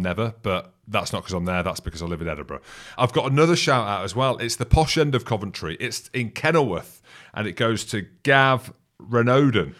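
Man, podcast co-host, casual, wry jokes, low voice. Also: a bit bright. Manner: wry, joking. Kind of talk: casual banter.

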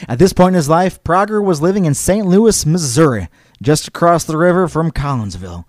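A man's voice: on the high side, expressive, a little fast, darkish tone, no echo, clean studio sound. Casual male podcast host telling history. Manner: casual, digressive, reads quotes aloud.

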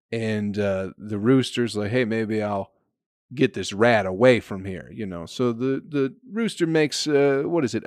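A man's voice: mid-range voice, dry recording. Male podcast comedian; loose, profane storyteller with a mid-range voice and a dry sound. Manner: profane, rambling storytelling with frequent fillers. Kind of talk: casual comedic monologue.

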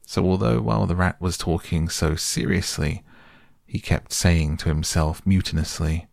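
A man narrating a bedtime storybook in a calm, gentle, soft reading voice. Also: low voice, measured pace, creaky, no echo, studio quality. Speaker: audiobook narrator.

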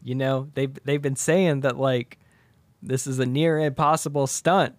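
A man on a podcast pitching a comedy movie sequel in casual storytelling, laughing often and jumping into squeaky high character voices. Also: fairly even intonation, measured pace, no room sound.

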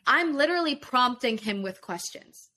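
A woman's voice: high voice, normal speed. A young woman, a podcast guest, telling a personal story in casual conversation, emotional and profane as she acts out both sides. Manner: emotional, profane, animated retelling.

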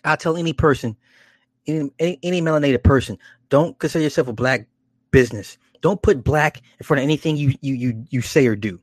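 A man hosting a casual commentary, animated and profane, often laughing at his own stories. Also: medium pitch, fairly quick, no echo, clean studio sound.

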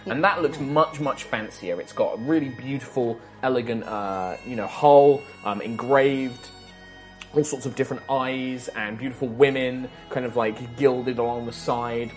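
A woman narrating a tabletop game as game master, in a chatty, animated way. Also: very deep voice, soft background music. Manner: chatty, animated, quick to laugh.

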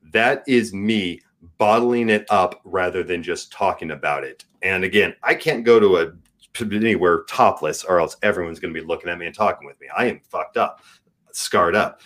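A man in his forties speaking as a guest, frank and earnest, his delivery swinging between soft and emphatic. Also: low-pitched. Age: 40s. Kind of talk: candid podcast conversation.

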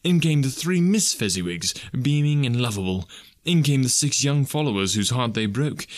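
A man narrating a classic story as an audiobook, measured and expressive. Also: medium pitch, no room sound, clean studio sound.

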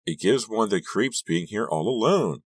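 A man reading an audiobook, voicing an excitable teenage girl with a high, eager, teasing delivery. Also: normal speed, slightly rough, dry recording. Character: teen girl, Dawn, bubbly and excitable.

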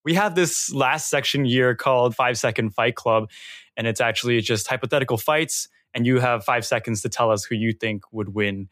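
A man hosting a casual interview, relaxed, with many short agreeing replies. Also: mid-range voice, moderate pace. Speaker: podcast host.

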